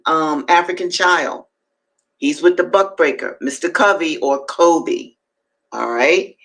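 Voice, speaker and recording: A woman hosting a live-streamed reading, talking to viewers between passages and jumping up in pitch to stress her points. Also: a bit bright, low-quality recording. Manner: emphatic, swings up high to stress points; chatty asides to viewers. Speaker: host and reader.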